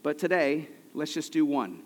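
Male pastor, conversational storyteller in the pulpit, slightly raised pitch, long hall reverb. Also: big pitch swings. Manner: conversational storytelling preacher, slows for emphasis. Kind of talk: sermon.

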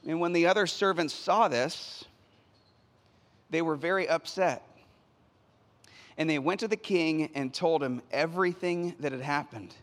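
A high-pitched male pastor preaches a sermon and retells the scripture story in a lively, conversational way. His voice carries a long reverb, as if recorded in a church sanctuary. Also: measured pace, pauses often.

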